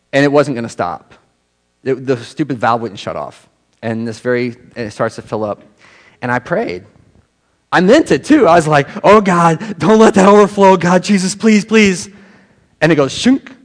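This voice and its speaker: A man preaching a sermon as pastor, talking in a conversational, self-deprecating way with many rhetorical questions. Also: mid-range voice.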